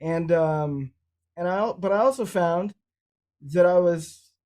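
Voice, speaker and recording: A man with cerebral palsy co-hosts a podcast in easy, wandering conversation. His voice is mellow and dark, and he often doubles back on his words mid-sentence. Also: sits high, takes it slowly. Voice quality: speech affected by cerebral palsy. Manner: rambling, repeats words and restarts. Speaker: podcast co-host. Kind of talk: casual conversational storytelling.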